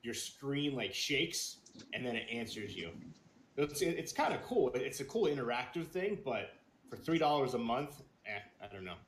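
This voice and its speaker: A man's voice: medium pitch, sing-song, normal speed, reverberant. A man co-hosting a gaming podcast, chatting casually in a rambling, hesitant way with lots of ums and restarts. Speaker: podcast co-host and streamer. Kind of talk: casual chat.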